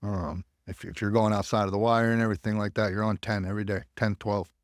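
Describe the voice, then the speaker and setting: Fast-talking and lowish in pitch with little pitch movement, an American man shares his story on a podcast. He's an army veteran who speaks bluntly and candidly, swears a lot, and acts out quoted voices. The studio-quality audio has no room sound.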